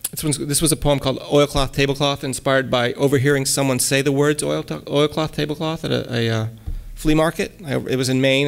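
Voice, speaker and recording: A man giving a relaxed lecture at a college, hesitating often with ums and restarts and reading his own poems aloud. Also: medium pitch, creaky. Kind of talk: casual lecture with poem readings.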